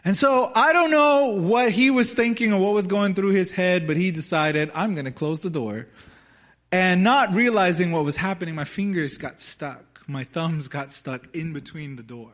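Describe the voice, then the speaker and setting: A man's voice: high-pitched, moderate pace, few pauses, fairly bright tone. A young adult man preaching a conversational, earnest sermon as a pastor, often repeating words and restarting phrases.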